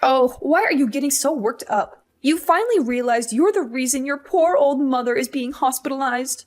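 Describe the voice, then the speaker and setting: A woman's voice: high-pitched, expressive, normal speed. A woman voicing a scolding guilt-tripping mother. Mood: indignant. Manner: scolding, condescending, self-pitying. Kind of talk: scripted story drama.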